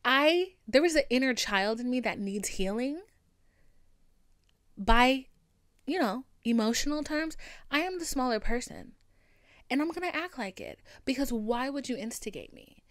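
A woman in her twenties hosting a podcast, telling a personal story casually and profanely, swinging between hushed near-whispers and loud emphatic outbursts. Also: sits high, animated, a little slow, dry recording, studio quality. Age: 20s. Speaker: podcast host.

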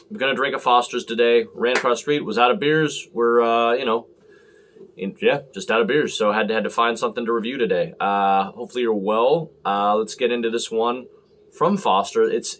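A man's voice: mid-range voice, fairly bright tone. A man hosting a casual beer review vlog, rambling and joking with frequent restarts. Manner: rambling, jokey, fumbles and restarts often. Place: Los Angeles area.

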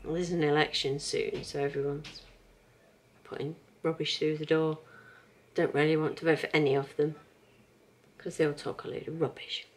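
A woman's voice: sits low, flat delivery, moderate pace, slight background noise. Chatty woman vlogging at home. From England. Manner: chatty, rambling, laughs often. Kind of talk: casual chatty vlog.

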